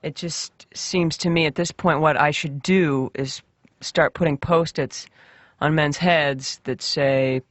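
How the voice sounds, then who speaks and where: A man's voice: fairly high pitch, fairly even intonation, takes it slowly, fairly bright tone, no room sound. A man giving a wry, self-mocking comic monologue.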